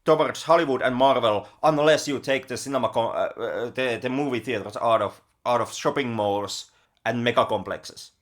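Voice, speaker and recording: A man with a middle-pitched voice co-hosts a casual film podcast. He speaks haltingly, restarting words often as he works through his thoughts.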